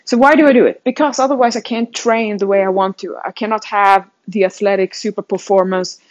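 A woman's voice: medium pitch, fairly even intonation, brisk. A fitness coach from Sweden talks through her thoughts in a casual, rambling monologue, mocking herself and restarting her sentences often. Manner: rambling and self-mocking, many restarts and laughs. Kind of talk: casual self-reflective monologue. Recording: dull lo-fi sound.

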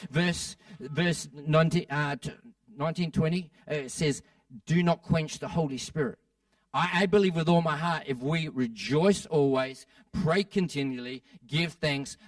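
A man preaching a sermon, emphatic, often restarting and repeating himself, climbing higher and louder as he builds. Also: no echo, distant mic, low-quality recording.

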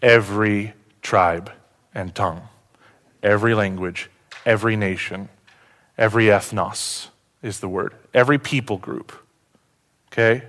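This pastor speaks on the low side, a little slowly, pausing often as he preaches. He questions the congregation and swings between loud, excited passages and hushed, earnest ones.

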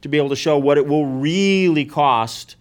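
A man's voice: a little high, moderate pace, clean tone. A man in casual podcast talk, explaining things emphatically and repeating his key points. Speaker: real estate investor and podcast guest.

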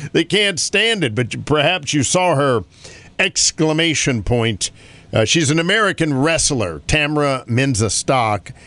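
A man's voice: fairly high pitch, fairly bright tone. A man from North Carolina hosting a morning radio show, chatting casually in a rambling way and laughing often.

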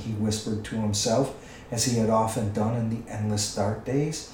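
A man reading a storybook aloud with expressive storytelling. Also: lowish voice, moderate pace, distant mic, slight background noise. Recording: echoey room, away from the mic.

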